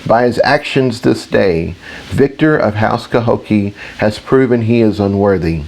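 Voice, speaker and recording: A man voicing a commanding female house head. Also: on the low side. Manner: formal, loud declaring.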